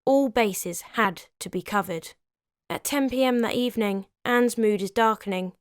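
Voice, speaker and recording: Bright-voiced young woman narrating history. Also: on the high side, normal speed, smooth, no echo, clean studio sound. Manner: lively, opinionated storyteller who adds wry comments. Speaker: history channel host. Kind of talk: scripted narration with chatty asides.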